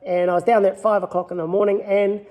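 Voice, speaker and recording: A man with a New Zealand accent speaks in a fairly high voice. He tells his story of learning his craft in an easygoing, rambling interview style, circling back and restarting as he goes. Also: flat delivery, fast, darkish tone. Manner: easygoing, rambling anecdotal telling. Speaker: lure maker.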